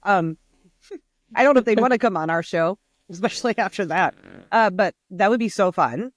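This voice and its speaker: A woman's voice: mid-range voice, lively intonation, moderate pace, no room sound, clean studio sound. A woman co-hosting a podcast in casual chat, rambling and chatty, laughing often. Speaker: podcast co-host.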